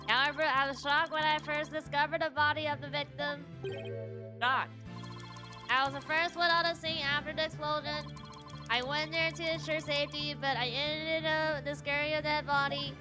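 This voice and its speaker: Woman doing a curt robotic bomb-squad man, raised pitch, clipped lines. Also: close to an everyday voice. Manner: clipped, flat, mechanical delivery. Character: terse male bomb expert speaking like a robot.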